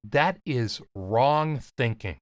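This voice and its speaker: A man with a slight lisp, coaching on voiceover in an earnest, emphatic talk to camera with deliberate pauses. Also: mid-range voice, lively intonation, no room sound, clean studio sound. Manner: casual, swears lightly. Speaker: voiceover coach and podcast host.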